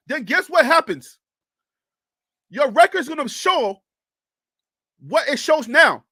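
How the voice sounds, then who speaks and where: A man hosting a casual sports talk livestream, passionate and loud about his team, speaking into a close mic on a pole. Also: very high-pitched, dry recording. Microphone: mic on a pole close to mouth.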